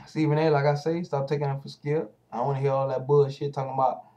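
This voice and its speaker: A man's voice: medium pitch, little pitch movement, quick pace, warm tone, dull audio. A man giving casual ranting commentary as a vlogger, heated and profane, speaking straight at the hosts he criticizes.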